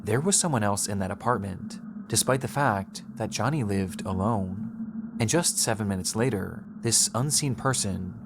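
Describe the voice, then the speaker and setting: A man reading a scripted true-crime documentary narration in a measured, suspenseful way. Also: lowish voice, heavy background noise.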